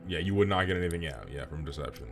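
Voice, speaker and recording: A man's voice: low voice, expressive, over music. A man playing a tabletop game, agreeably chiming in during casual chat. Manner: agreeable, quick to chime in. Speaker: player.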